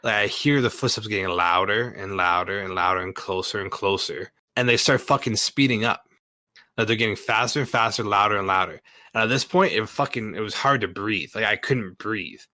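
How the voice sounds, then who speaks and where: Male storyteller, casual, profane, filler-heavy, forceful tone, dry close sound. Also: fairly low pitch, fairly quick, dry recording.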